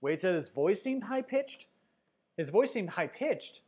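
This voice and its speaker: A man's voice: high-pitched, big pitch swings, measured pace, a little mellow, husky. A man hosting a casual sports livestream, reading viewer comments aloud and chatting loosely, with plenty of fillers. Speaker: sports show host. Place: Denver.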